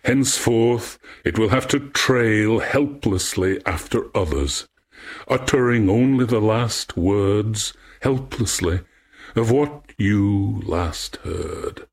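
Man voices furious goddess queen, stern curse, slow husky storybook reading. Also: lowish voice, lively intonation, pitched above the performer's own voice, heavily acted. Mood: enraged. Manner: stern, cursing. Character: enraged queen goddess, middle-aged, cursing.

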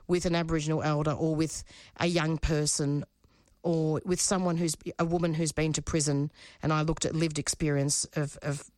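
A woman's voice: low voice, flat delivery, normal speed, darkish tone, dry recording, studio quality. A woman from Australia, a community radio producer and host, speaking frankly and emotionally as an interview guest, often repeating herself. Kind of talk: interview guest, candid conversation.

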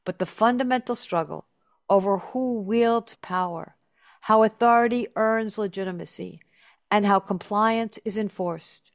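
A woman's voice: medium pitch, no echo, studio quality. A woman hosting a talk show, telling stories emphatically and chatting with her guest. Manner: animated, emphatic storyteller. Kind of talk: casual interview chat.

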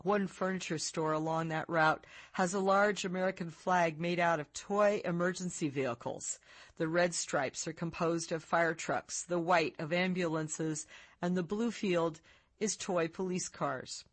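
A woman, an author, reading her own book aloud in a measured, reflective way. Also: on the low side, fairly even intonation, no room sound.

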